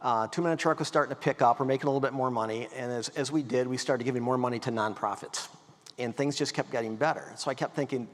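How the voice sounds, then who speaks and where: A middle-aged man telling lively stories as a guest speaker, acting out the voices of people in them. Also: medium pitch, fast talker. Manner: folksy, animated storytelling, acts out quotes. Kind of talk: storytelling talk. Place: event hall. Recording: long hall reverb.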